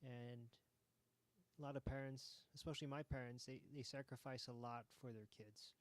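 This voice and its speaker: A man hosting a game jam, giving relaxed, hesitant commentary with frequent ums while playing a game. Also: medium pitch, moderate pace.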